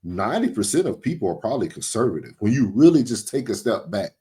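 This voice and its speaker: Host, man, lower voice, easygoing and agreeable. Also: sing-song, quick pace, dark tone. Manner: agreeable, frequent short affirmations. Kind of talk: casual conversation.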